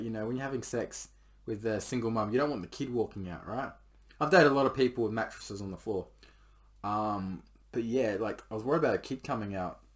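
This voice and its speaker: A man spins a crude personal anecdote in loose, casual talk. He swears constantly and leans on "like" as he rambles along. His voice sits at an ordinary, middle pitch. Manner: rambling, swears a lot, heavy use of "like". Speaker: podcast storyteller.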